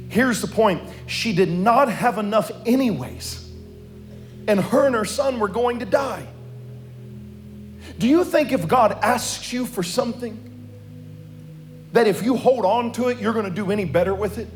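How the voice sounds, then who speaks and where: High-voiced preaching man with faint music. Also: unhurried, pauses often. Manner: swings from quiet storytelling to loud, sing-song preaching. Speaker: pastor. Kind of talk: sermon. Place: church sanctuary.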